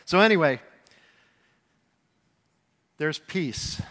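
Extremely slow in pace, a high-voiced man preaches as a pastor with vivid, spirited delivery, sometimes voicing characters and raising his voice to a shout. Bright and forward, his words are trailed by the lasting reverb of a spacious hall.

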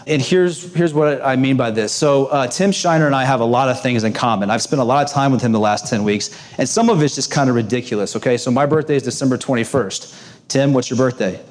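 A man's voice: mid-range voice, fairly quick. Middle-aged man at a banquet podium, jokey and self-deprecating, conversational delivery. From Texas. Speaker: graduation speaker. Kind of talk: humorous speech to a live audience. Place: banquet room before an audience.

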